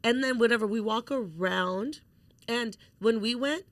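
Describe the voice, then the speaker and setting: A young woman co-hosting a podcast, casually telling a lively story and swearing freely as she acts out what people said. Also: a little high, a little slow, dry recording. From Mexican heritage. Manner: animated, swears freely, acts out quoted voices. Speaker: podcast co-host.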